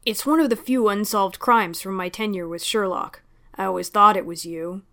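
A woman voicing a weary male detective inspector in a storybook reading, talking dryly and then quietly and evenly when angry. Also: mid-range voice, moderate pace. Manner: dry, then quietly cold and even.

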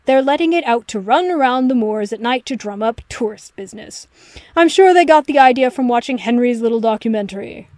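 A woman's voice: on the high side, animated, fairly quick, a little mellow, no room sound, natural voice. Woman reading as a cutting, arrogant male detective. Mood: lecturing. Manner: crisp, lecturing, dismissive. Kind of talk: audiobook reading of fan fiction.

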